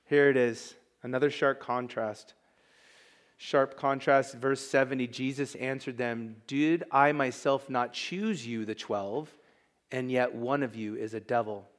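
A man's voice: medium pitch, steady tone, measured pace. A man preaching a sermon as pastor, emphatic and conversational, with asides to the congregation.

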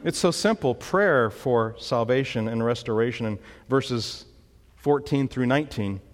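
A man's voice: medium pitch, expressive, a little slow, in a large hall. A man preaching a sermon, emphatic, with dramatic rises when he quotes commands. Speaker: pastor.

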